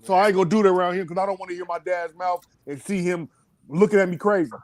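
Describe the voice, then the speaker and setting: A man's voice: high-pitched, fairly even intonation, fast, dry recording. A man chatting casually on a talk show, telling loose, profane stories and acting out quotes from his kids. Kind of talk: casual chat.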